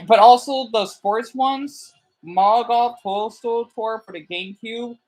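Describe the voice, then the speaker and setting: On his live stream, a man chats casually and rambles in an animated way, answering his chat and bluntly scolding trolls. His voice is high and his pace moderate.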